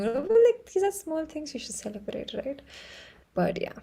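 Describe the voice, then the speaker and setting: A woman with an Indian English accent hosting a live stream, chatting casually and laughing often as she tells excitable stories. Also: high voice, measured pace, gravelly, poor audio. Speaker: livestream host.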